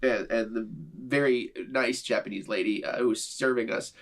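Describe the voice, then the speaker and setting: A man's voice: medium pitch, steady tone, normal speed, a bit bright. Earnest, gushing man reacting as a fan. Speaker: video creator reacting to a film trailer. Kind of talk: enthusiastic fan reaction commentary.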